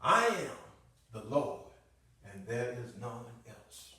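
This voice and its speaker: An American man teaching in an impassioned sermon style, emphatic and repetitive, swinging from quiet passages to booming declarations. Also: sing-song, slow pace, a little hiss or hum. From United States. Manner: emphatic, repeats key phrases, swings between quiet and booming. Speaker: religious teacher. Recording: echoey room, voice far from the mic.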